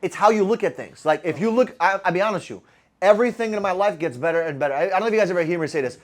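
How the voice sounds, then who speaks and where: A man's voice: high-pitched, animated, very fast. A man coaching a live group on sales, blunt and profane, constantly firing rhetorical questions at his audience. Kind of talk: motivational talk to a live group.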